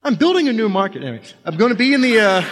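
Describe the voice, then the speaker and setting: A fairly high-pitched man tells a personal story on a stage, his words ringing with the long reverb of a hall. He halts and restarts often and leans on repetition to build tension. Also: a bit bright.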